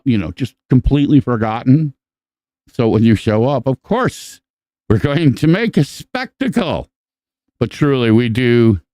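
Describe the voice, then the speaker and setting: A man's voice: mid-range voice, smooth, dry recording. Profane, rambling male podcast host. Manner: profane, rambling shout-outs. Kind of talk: casual live-stream chat.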